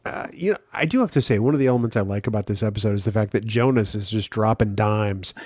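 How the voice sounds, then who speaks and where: A man's voice: on the low side, quick pace, a little mellow, dry recording, clean studio sound. A man co-hosting a casual podcast, thoughtful, explaining with everyday comparisons and frequent ums. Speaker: podcast co-host.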